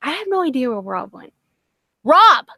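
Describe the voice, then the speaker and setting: Speaking without hurry, a Massachusetts woman with a Boston accent runs a casual livestream. Her voice is a little high and a bit bright, with no echo. She rambles, swears constantly, and makes jokes at her own expense.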